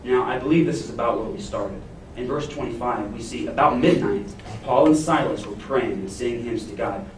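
A man preaching a sermon, retelling a Bible story and acting out its characters' panic with lively emphasis. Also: medium pitch, fairly quick, slight background noise. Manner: expressive, acts out the jailer's panic in a paraphrase. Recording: echoey room, heard from a distance.

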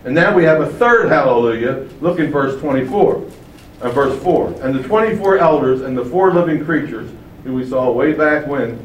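A man preaching a sermon, emphatic and fond of rhetorical questions, his loudness swinging widely from phrase to phrase. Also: mid-range voice, lively intonation, moderate pace, a little hiss or hum. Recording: echoey room from far off, faint ambience.

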